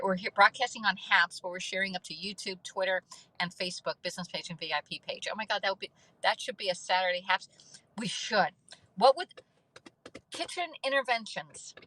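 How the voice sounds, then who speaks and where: A woman's voice: medium pitch, a bit bright, no echo, poor audio. A middle-aged woman hosting a casual livestream, chatting and thanking viewers by name between laughs. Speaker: livestream host.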